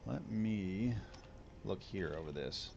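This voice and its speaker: A man's voice: low-pitched, animated, slow pace, vocal fry, darkish tone, dull audio, slight background noise. A man chatting loosely to viewers while he live streams a game, rambling and repeating himself. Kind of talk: casual live stream chat while gaming.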